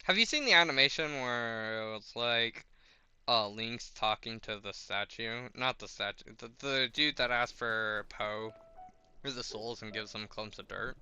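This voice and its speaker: A man's voice: medium pitch, measured pace, sharp tone, clear, resonant tone, no echo. A man giving casual, rambling commentary on his own gameplay, wry and chatty. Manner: rambling, wry, talks to himself while playing. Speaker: gaming streamer.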